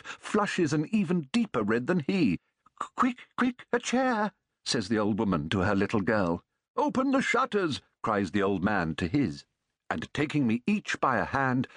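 A man narrating a story aloud in a measured, expressive reading as an audiobook narrator. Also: fairly low pitch, husky, no room sound, studio quality.

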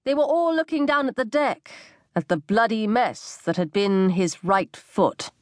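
A woman narrating a novel aloud in a measured, expressive manner. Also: mid-range voice, dry recording, clean studio sound. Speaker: audiobook narrator. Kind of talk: scripted narration.

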